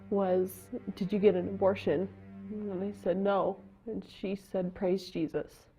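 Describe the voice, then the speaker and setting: A young woman giving a personal testimony, speaking in a halting, emotional way with pauses and restarts. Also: mid-range voice, mellow. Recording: dull lo-fi sound with faint music.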